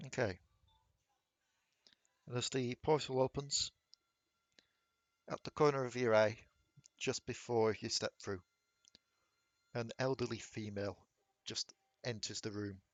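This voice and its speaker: A man's voice: medium pitch, fairly even intonation, unhurried, pauses often, dry recording. Man running a tabletop game. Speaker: game master.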